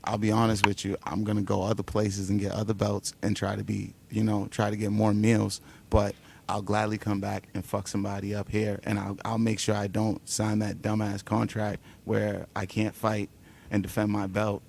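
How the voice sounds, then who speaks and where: A man's voice: on the low side, monotone, moderate pace, vocal fry, darkish tone. A man who is a fighter at a press conference, talking trash in a brash, profane, boastful and taunting way. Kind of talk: trash talk.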